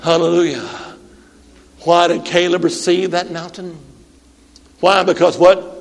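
A man in his late sixties with a high-pitched voice preaches a Pentecostal sermon in a church sanctuary. He calls on the congregation for amens and breaks into shouts and sung-out lines. His voice rings with a long hall reverb. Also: level tone, unhurried, vocal fry. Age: 60s.

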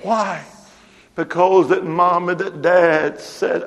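A man preaching a sermon to his church, moving from quiet storytelling to shouted exhortation. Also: high voice, steady tone, slow, vocal fry, long reverb tail. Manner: builds from hushed storytelling to shouted call-and-response exhortation. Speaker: pastor.

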